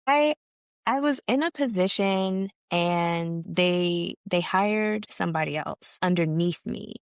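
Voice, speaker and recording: A woman's voice: fairly low pitch, slow pace, clean tone, no echo, studio quality. A woman guest on a podcast, telling her story in a frank, casual way with slang and some swearing. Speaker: podcast guest, founder of a leadership organization. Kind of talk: candid conversational storytelling.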